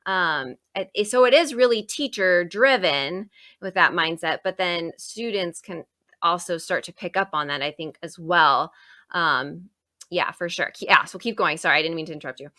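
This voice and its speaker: A woman hosting an interview, talking in a lively, animated way with lots of fillers and restarts. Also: fairly low pitch, normal speed, dry recording, studio quality. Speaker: podcast host. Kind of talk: casual interview chat.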